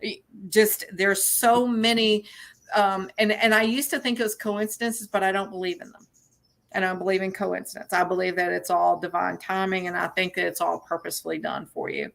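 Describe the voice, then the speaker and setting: Bright-voiced woman guest, earnest. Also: mid-range voice, little pitch movement, creaky. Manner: earnest, halting with restarts. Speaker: psychic medium guest. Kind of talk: casual conversation.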